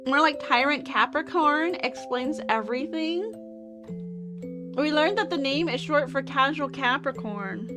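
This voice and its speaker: A woman's voice: high-pitched, measured pace, music in the background. A woman streamer in casual chat with her viewers, talking while she eats. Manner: chatty, talks while eating.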